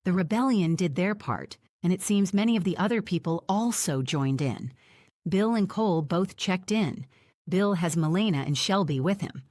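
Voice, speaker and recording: A woman narrating a first-person audiobook in a steady, plain storytelling manner on a close microphone. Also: on the low side, normal speed, dry recording.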